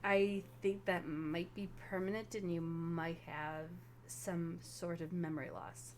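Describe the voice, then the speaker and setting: A woman voicing a calm vampire elder who explains in a measured, soft, grave tone. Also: lowish voice, a little hiss or hum, voice pushed down.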